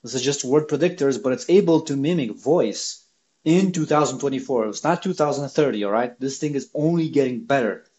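A man hosting a tech video, talking casually and excitedly to viewers. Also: medium pitch, fairly quick, highs cut off. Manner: excited, emphatic.

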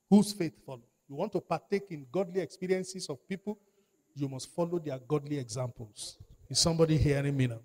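Man, pastor, sermon, emphatic, repeats phrases, call-and-response, slightly high voice. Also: darkish tone.

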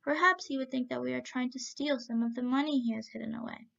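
A woman's voice: sits high, quick pace, creaky, fairly bright tone, full character voice. A woman voicing a timid little slave girl who speaks simply and eagerly. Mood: earnest. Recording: dull lo-fi recording.

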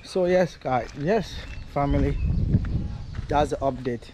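A man's voice: a little high, slow pace. Man vlogging outdoors on a noisy street. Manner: rambling, repeats himself. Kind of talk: casual walking vlog.

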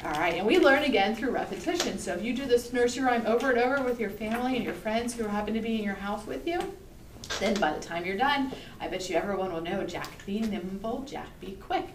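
A woman's voice: mid-range voice, a little fast, a little hiss or hum. A woman librarian reading a picture book aloud for toddlers, sing-song and coaxing the children to join in. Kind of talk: toddler storytime read-aloud. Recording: roomy, distant mic, faint ambience.

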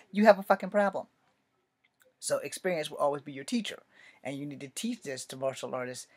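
A man in his late forties telling a story and ranting about martial arts training, blunt and full of swearing, dropping to low mutters and then bursting out loud. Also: lively intonation, a little fast. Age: 40s. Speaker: martial arts video maker. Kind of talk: profane storytelling rant.

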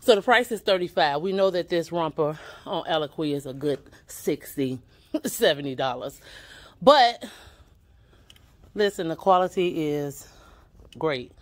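An upbeat woman with a fairly low voice hosts a casual shopping vlog. She chats straight to her viewers as she walks through an indoor boutique. She is recorded on a handheld camera. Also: animated, unhurried, pauses often. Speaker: vlogger touring a store.

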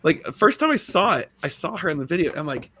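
A man hosting a casual livestream chat, with a rough, smoker-like voice, rambling in a laid-back way with lots of fillers. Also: fairly high pitch, big pitch swings, fast talker, bright, forceful tone. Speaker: host.

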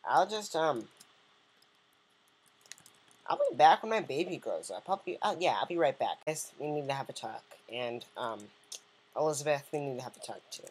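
A woman's voice: extremely low pitch, animated, normal speed, long pauses, darkish tone, slightly rough. A woman giving casual, joking let's-play commentary and chatting to the game's characters. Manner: joking, rambling, talks to game characters.

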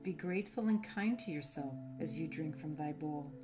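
A woman with a fairly low voice reads her own poem in an earnest, measured spoken word recitation. She lends the quoted lines extra emphasis. Guitar music plays clearly beneath her voice. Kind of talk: spoken word poetry reading. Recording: voice over loud guitar music.

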